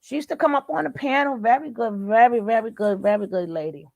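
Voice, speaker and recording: A woman's voice: fairly high pitch, brisk, gravelly, highs cut off. A woman with a Brooklyn accent hosting a casual live chat, chatty and calling everyone baby. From Brooklyn, New York. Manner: warm and chatty, calls people baby and darling. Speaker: livestream host.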